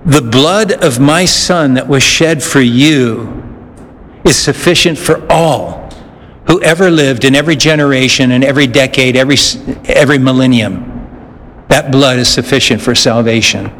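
A man's voice: mid-range voice, moderate pace, fairly bright tone, lightly acted. A man voicing God as a stern divine figure who rejects excuses, spoken firmly in a preacher's own voice. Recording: echoey hall, faint noise.

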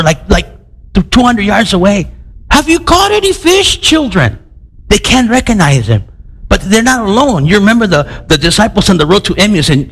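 A male preacher giving a sermon in a conversational, animated way, questioning his congregation and often restarting his sentences. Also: high-pitched, slightly rough, rough recording.

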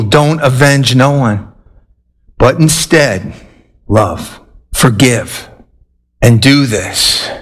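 A man's voice: medium pitch, fairly bright tone. A man preaching a sermon, earnest and emphatic, telling anecdotes to make his point. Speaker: pastor.

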